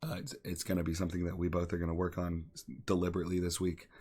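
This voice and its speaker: A man's voice: sits low, completely flat delivery, racing, a little mellow, husky. A young man co-hosting a podcast, talking earnestly and encouragingly, often repeating phrases for emphasis. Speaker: podcast co-host. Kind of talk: earnest casual talk.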